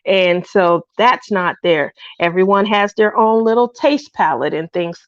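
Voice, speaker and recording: Speaking at a measured pace, a lonely, low-feeling middle-aged woman rambles casually on her craft livestream and welcomes viewers by name. The audio is dull, with no echo.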